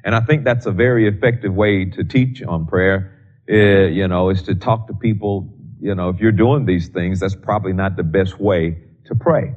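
A man's voice: deep voice, moderate pace, narrow, tinny audio. A married man preaching a sermon on prayer, reading scripture aloud and repeating key lines for emphasis. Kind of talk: sermon teaching.

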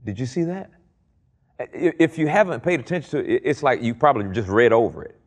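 Animated male preacher reading scripture. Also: fairly quick. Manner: animated preaching, swings from low and quiet to high and loud; reads scripture aloud and comments on it. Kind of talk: sermon.

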